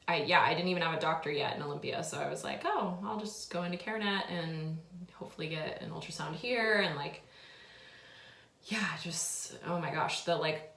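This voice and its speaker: A woman's voice: sits low, fast talker, fairly bright tone. A young woman in her twenties telling a personal story, tearful and overwhelmed, full of filler words. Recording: echoey room.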